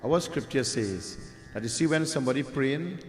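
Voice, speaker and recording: A man's voice: medium pitch, lively intonation, normal speed. A man preaching a devotional story, often turning to his listeners with conversational asides. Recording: echoey hall with faint music.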